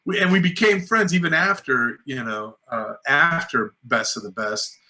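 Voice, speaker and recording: A middle-aged filmmaker appears as a guest in an informal interview, telling lively stories and voicing the people in them. His delivery, mid-range and at normal speed, is loaded with "like" and "you know."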